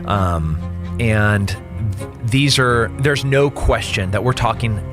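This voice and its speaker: A man who is a guest on a podcast, explaining things in an animated storytelling way. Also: on the low side, slow pace. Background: music.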